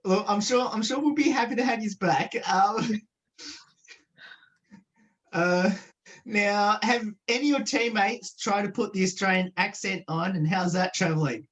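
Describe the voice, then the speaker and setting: A woman's voice: mid-range voice, unhurried. A woman radio host interviewing a guest over a video call, reading her questions with many "um" and "uh" fillers. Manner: reads questions, hesitant fillers. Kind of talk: remote interview.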